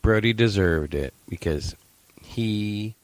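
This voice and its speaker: A man's voice: on the low side, slow pace, no room sound. A middle-aged man co-hosting a casual podcast, telling a family story and acting out the quotes. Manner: animated storyteller, acts out quotes. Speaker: podcast co-host. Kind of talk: casual chat.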